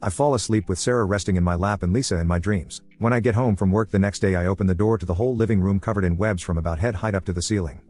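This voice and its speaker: A man narrating a first-person story in a calm, even, plain telling. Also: deep voice, fast, few pauses, faint music behind.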